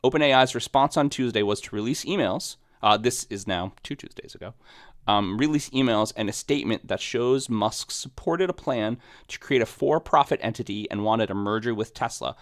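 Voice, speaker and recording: A man's voice: medium pitch, normal speed, no echo, clean studio sound. A man co-hosting a podcast in casual chat, rambling with restarts and laughing often. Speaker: podcast co-host. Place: podcast studio.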